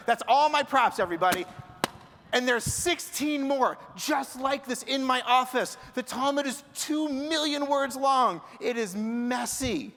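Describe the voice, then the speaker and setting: A man, a rabbi, giving a sermon in a lively, conversational way with rhetorical questions to the congregation. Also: very high voice, unhurried, slight background noise. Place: large sanctuary. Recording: long hall reverb.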